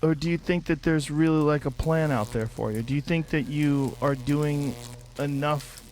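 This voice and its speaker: A man's voice: fairly high pitch, moderate pace, darkish tone. A man hosting a casual interview, reacting bluntly and swearing casually. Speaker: host.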